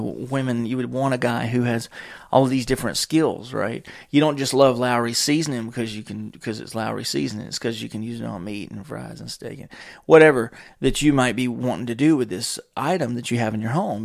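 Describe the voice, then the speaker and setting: A man with a gravelly, medium-pitched voice hosts a solo podcast. He talks casually and rambles across tangents, swearing often and chuckling a lot.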